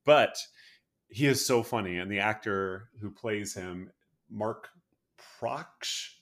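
Brief: man co-host, lowish voice, halting explainer, laughs easily. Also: fairly bright tone. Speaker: podcast co-host. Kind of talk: casual chat.

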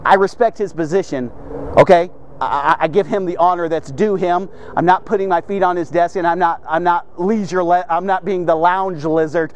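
High-voiced, energetic male devotional host. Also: normal speed, lo-fi sound. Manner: energetic, repeats words, chatty asides and jokes. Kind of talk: casual daily devotional talk. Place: home man cave room.

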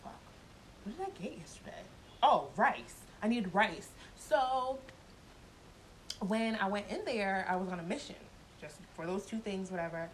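A woman's voice: mid-range voice, animated, measured pace, slight background noise, rough recording. Blunt, profane woman telling a story. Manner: laughs often while telling. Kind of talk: casual storytime chat.

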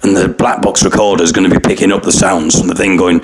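A man's voice: deep voice, level tone, fast talker, heavy background noise. A man hosting a podcast and telling a wry comic story with mock worry. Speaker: podcast host.

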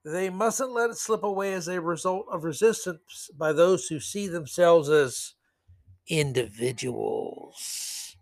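Mocking male podcast host, slightly high voice. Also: normal speed, few pauses, darkish tone. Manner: sarcastic, mocking, rambling asides. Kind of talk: solo commentary podcast.

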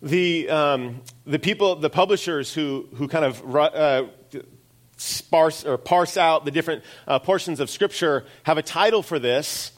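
A man's voice: fairly high pitch, measured pace. A middle-aged man preaching a sermon as pastor, in a conversational way with self-deprecating asides.

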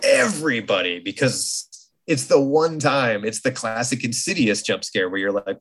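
A man in his thirties co-hosting a casual podcast, animated and acting out quotes in his stories. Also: medium pitch, normal speed. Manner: animated storyteller, acts out quotes. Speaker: podcast co-host. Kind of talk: casual chat.

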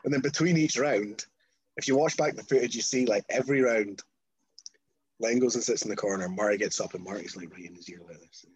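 Brief: Scottish man, husky voice, lively anecdote, salty language. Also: lowish voice, brisk, no room sound, low-quality recording. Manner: animated, swears freely, acts out quotes. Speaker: wrestler guest. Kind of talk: casual storytelling.

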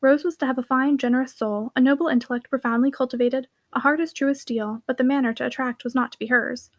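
Casual: woman reading a classic novel, quick and high-pitched. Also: fairly even intonation. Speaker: audiobook narrator. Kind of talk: scripted narration.

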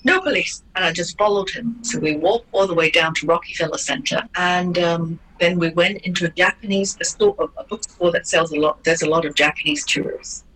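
Bright-voiced woman telling a story. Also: on the low side, a little fast, few pauses, rough recording. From Hong Kong. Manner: lively, acts out quoted voices, frequent restarts. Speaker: interview guest, former ballerina. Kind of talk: animated personal storytelling.

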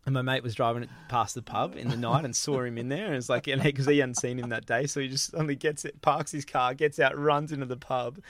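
A man's voice: medium pitch, quick pace, few pauses. An Australian man in his thirties hosting a podcast, telling a casual story with lots of laughing and acted-out lines from friends. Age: 30s. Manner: animated, laughing often, acts out friends' lines. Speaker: podcast host.

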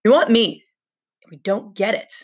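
A woman's voice: mid-range voice, expressive, normal speed, fairly bright tone. Woman reading as a blunt boy hunter. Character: fierce, brooding boy hunter.

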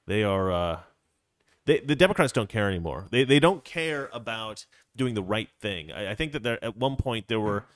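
A man with a fairly low voice hosts a casual political live stream. He rambles, restarting his sentences and filling pauses. The sound is dry and close, with no room echo. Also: expressive. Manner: rambling, frequent restarts and fillers.

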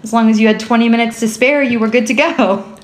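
A woman co-hosting a podcast in casual chat, bubbly and quick to laugh. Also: on the high side, steady tone. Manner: bubbly, laughs often, chatty. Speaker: podcast co-host. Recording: roomy echo.

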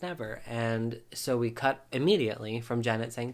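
A man's voice: medium pitch, moderate pace, vocal fry, few pauses. A man hosting a podcast, recapping a reality show episode in a casual, chatty way with wry asides and frequent ums.

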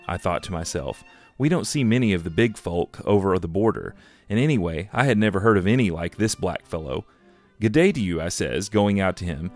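A man reading aloud as a grumpy old male hobbit farmer who tells his tale with slow relish. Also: low-pitched. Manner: drawn-out storytelling with relish.

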